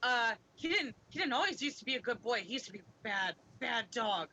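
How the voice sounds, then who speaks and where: A woman's voice: fairly high pitch, animated, fairly quick, bright, forceful tone, low-quality recording. A woman player chatting playfully and giggling during a tabletop game session. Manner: giggly, playful, self-deprecating. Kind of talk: casual tabletop game chat.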